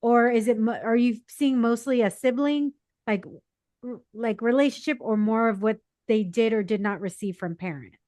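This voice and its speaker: A woman's voice: fairly high pitch, normal speed, darkish tone, no echo, studio quality. Chatty woman podcast host. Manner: chatty, rambling, self-deprecating humor. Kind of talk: casual conversation.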